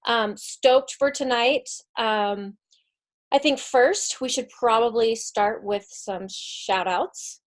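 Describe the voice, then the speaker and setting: A woman's voice: on the high side, takes it slowly. Upbeat woman hosting a team call. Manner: upbeat, casual, filler-heavy. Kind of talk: casual hosting on a video call.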